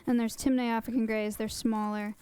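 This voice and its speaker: A woman's voice: a little high, level tone, a little fast, dark tone, smooth. A young woman live-streaming, chatting casually with her viewers in a rambling way. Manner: chatty, rambling, laughs often. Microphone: close desk mic.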